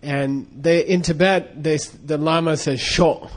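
A man's voice: a little high, fairly even intonation, measured pace. A man telling a casual, rambling story with lots of fillers and frequent laughs. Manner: rambling, many fillers and restarts, laughs often.

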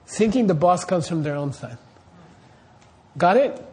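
High-voiced man teaching a dharma class. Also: expressive, measured pace, a little mellow. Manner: quizzes the class, keeps checking "you see what I mean?". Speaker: Buddhist teacher.

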